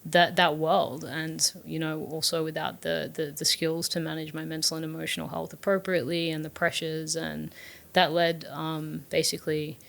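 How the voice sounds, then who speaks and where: This is a young woman speaking in a low register with a gravelly, creaky edge. She talks openly and earnestly as an interview guest, recalling a formative story with fillers and restarts along the way. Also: level tone, normal speed, fairly bright tone. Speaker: guest, startup founder.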